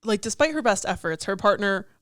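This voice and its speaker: A woman's voice: mid-range voice, animated, brisk, no room sound, studio quality. A young woman in her twenties co-hosting a casual podcast chat about song lyrics, chatty and peppered with "like" and casual swearing. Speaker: podcast co-host.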